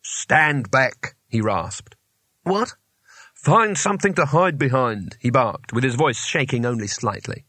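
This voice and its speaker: A man voicing a timid, anxious young male wizard with a squeaky way of talking. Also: animated, a little slow, a bit bright, breathy edge, no room sound. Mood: shaky resolve.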